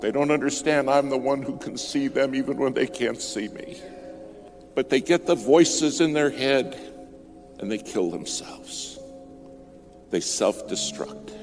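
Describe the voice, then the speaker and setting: A man preaching a sermon as a story, dramatic, rising to loud peaks and dropping to near whispers. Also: mid-range voice, animated, takes it slowly, pauses often. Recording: music bed under the voice.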